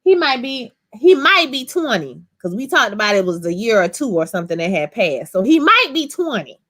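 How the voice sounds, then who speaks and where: A woman casually recapping a TV episode. She talks in an animated, chatty way and swears freely. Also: on the high side, a little fast. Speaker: TV episode reviewer.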